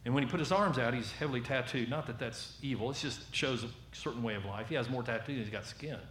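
A man with a Southern American accent preaching a sermon as a lively storyteller, acting out the voices of the people in his story. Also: medium pitch, fast talker, roomy sound, a little hiss or hum.

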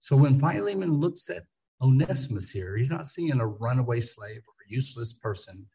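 A man's voice: mid-range voice, expressive, normal speed, creaky, dark tone, slightly rough, poor audio. A man leading an informal Bible study, talking conversationally, often restarting and repeating words, and leaning hard on key words.

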